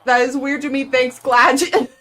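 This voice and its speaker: A woman's voice: high-pitched, level tone, normal speed, fairly bright tone. A young woman from the United States chatting casually and playfully on a live game stream, full of "like" fillers.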